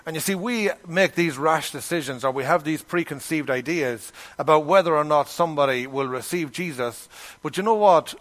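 This middle-aged Irish man has a fairly high, fairly bright voice and keeps a moderate pace. He's a pastor preaching a sermon, telling stories conversationally and performing the voices of the characters.

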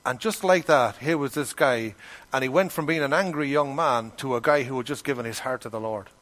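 A man's voice: mid-range voice, brisk, fairly bright tone. A middle-aged Irish man preaching a sermon, telling stories in a conversational way and acting out the voices of the people in them. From Ireland. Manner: conversational storytelling, acts out quoted voices. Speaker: pastor. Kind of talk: sermon with storytelling.

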